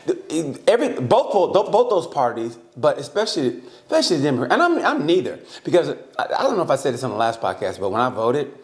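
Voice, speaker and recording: A man's voice: a little high, fast. A man co-hosting a casual comedy podcast, telling stories with lots of laughter and acting out the voices of the people he quotes. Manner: animated storyteller, acts out quoted voices, laughs often. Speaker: podcast co-host.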